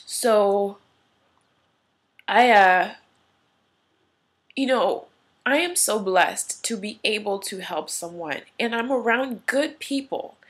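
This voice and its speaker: A woman's voice: medium pitch, slow, long pauses. A young woman telling a story in a candid home vlog, emotional and teary, rambling with many fillers. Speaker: vlogger. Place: at home in her room.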